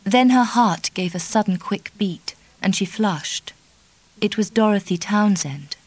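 Measured woman audiobook narrator, dry sound. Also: medium pitch, darkish tone, breathy edge, no room sound, poor audio. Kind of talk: scripted narration.

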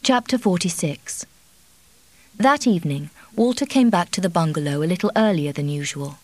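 A woman reading a novel aloud as an audiobook narrator, in a measured, even way. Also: on the low side, no echo. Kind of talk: scripted narration.

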